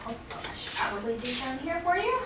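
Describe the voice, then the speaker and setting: A woman's voice: sits high, big pitch swings, brisk, distant mic, noisy background. A woman presenting a teacher training workshop on reading, explaining patiently with frequent ums. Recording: echoey room, voice off-mic.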